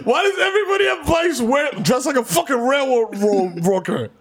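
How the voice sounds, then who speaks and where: A man's voice: very high-pitched, animated, a little fast, fairly bright tone. A man co-hosting a podcast, joking in casual, profane banter and laughing often. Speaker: podcast co-host.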